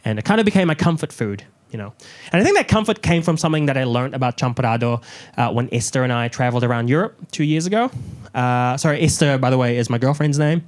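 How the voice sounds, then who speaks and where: A young man performing a stand-up comedy set in a large theatre, telling stories in an animated way and acting out the people in them. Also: quick pace. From New Zealand. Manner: animated storytelling, acts out characters with rising pitch. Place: large theatre with live audience.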